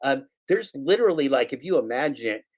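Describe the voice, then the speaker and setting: Sarcastic dude ranting on his stream, swears a lot, repeats himself, normal pitch. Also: lively intonation, fairly quick. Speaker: livestream host. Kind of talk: casual livestream rant.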